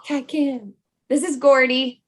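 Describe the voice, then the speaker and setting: A woman's voice: high voice, flat delivery, takes it slowly. A young adult woman chatting as a podcast guest, playful and full of fillers like "like" and "um". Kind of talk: casual podcast chat.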